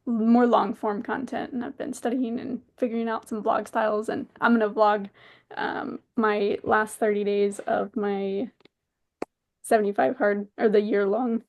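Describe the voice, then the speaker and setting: A woman's voice: mid-range voice, unhurried, vocal fry. A woman co-hosting a podcast in casual chat, telling stories animatedly and quoting herself and her friends. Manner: animated storytelling, quotes herself and friends, laughs often. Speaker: podcast co-host.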